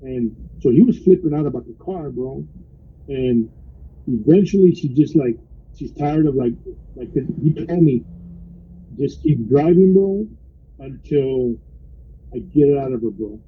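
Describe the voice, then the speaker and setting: Sitting in his car, a rideshare driver casually relays a wild story, quoting his riders and saying "bro" constantly in an animated retelling. His voice is medium-pitched and a little slow, with long pauses and a breathy edge, and the audio sounds dull.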